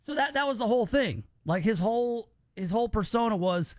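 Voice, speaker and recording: High-voiced opinionated man chatting. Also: brisk, hardly any pauses, no room sound, clean studio sound. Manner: opinionated, animated, repeats words. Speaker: podcast host. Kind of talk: casual chat.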